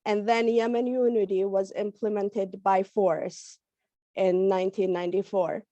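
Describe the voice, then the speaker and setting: Raspy-voiced woman with a cold. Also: medium pitch, little pitch movement, dark tone, dry recording. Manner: halting, with many fillers. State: hoarse from a cold. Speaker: panel speaker. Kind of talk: online panel talk. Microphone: video call. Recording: dull lo-fi video call audio.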